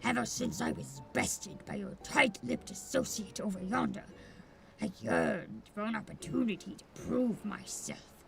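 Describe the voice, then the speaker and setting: A woman voicing a proud, brooding male swordsman in a low, hushed, earnest tone while reading game dialogue aloud. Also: a little slow, creaky, a little hiss or hum. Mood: solemn.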